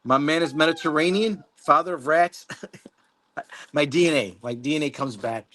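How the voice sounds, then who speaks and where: A man hosts a casual live stream, talking loosely to his viewers as he reads their comments. His voice sits a little high for a man. He rambles, restarts and swears now and then, with plenty of easy laughter. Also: normal speed, a bit bright. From Mexico. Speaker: livestream host. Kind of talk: casual livestream chat reading viewer comments.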